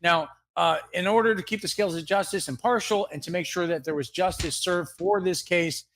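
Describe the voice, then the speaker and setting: A man's voice: high voice, a little fast, fairly bright tone, a little hiss or hum. A man co-hosting a live comedy fake-news segment, rambling through jokes and laughing at his own gags. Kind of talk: mock newscast banter.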